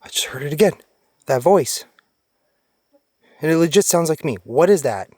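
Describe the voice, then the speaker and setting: A young man vlogging while camping alone in a forest at night, jumpy and nervous, swearing and calling out into the dark. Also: a little high, lively intonation, moderate pace, no room sound. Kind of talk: casual vlog commentary.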